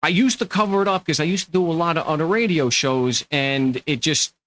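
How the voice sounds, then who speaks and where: A man's voice: a little high, a little fast, poor audio. A middle-aged man with a Long Island New York accent, hosting his own channel in a rambling, sarcastic monologue. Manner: animated, sarcastic, rambling with restarts. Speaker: podcast host. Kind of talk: casual monologue to camera.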